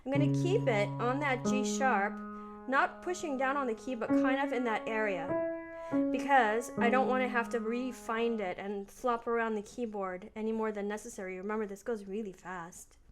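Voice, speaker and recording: A woman piano teacher talking through her practice in a relaxed, chatty way, thinking aloud as she plays. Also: fairly high pitch, moderate pace. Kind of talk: casual piano practice lesson. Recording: voice over loud piano playing. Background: piano playing.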